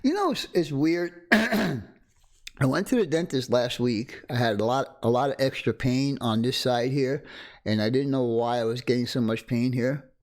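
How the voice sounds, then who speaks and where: A man's voice: mid-range voice, unhurried. A middle-aged man casually chatting on a home livestream, greeting viewers by name with frequent chuckles, close to a desk microphone. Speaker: livestream host. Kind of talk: casual live-stream chat. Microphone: desk condenser microphone.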